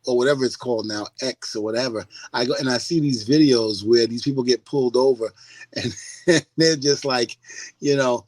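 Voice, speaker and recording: Middle-aged man, casual podcast chat, animated storytelling, laughs often, dry close mic. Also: mid-range voice, fairly quick, no room sound, low-quality recording. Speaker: podcast guest.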